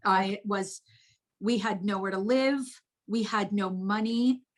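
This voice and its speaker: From her home, a middle-aged guest from New Jersey tells the story of her life slowly in a mid-range voice. Her telling is open and lively, peppered with offhand swearing.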